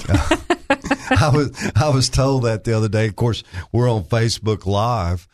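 A man's voice: medium pitch, big pitch swings, measured pace, a little mellow, dry recording. An older man from Arkansas guest-hosting a talk radio show in a studio, rambling and folksy with many fillers. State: slightly out of breath.

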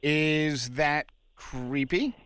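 A male radio host asking quick, probing questions in casual chat. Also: a little high, a bit bright, smooth, no echo.

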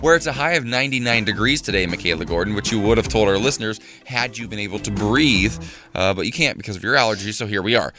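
A man hosts a radio show in an easygoing, upbeat manner, swapping stories with his co-host. His voice is bright and forward at a middle pitch, and faint music plays underneath. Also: fast talker. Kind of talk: casual radio show chat.

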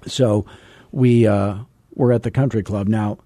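A man's voice: lowish voice, steady tone, a little slow, warm tone, no room sound, studio quality. A man from Arizona, a real estate coach hosting a podcast, telling a story in a chatty, self-deprecating way with many fillers. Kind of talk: casual storytelling monologue.

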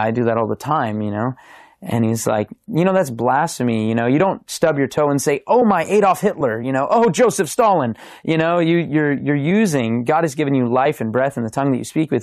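A young man, a podcast guest, telling his faith testimony in a casual, animated way, acting out the lines of the people in his story. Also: medium pitch, vocal fry, dry recording, studio quality. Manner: animated, acts out quoted dialogue.

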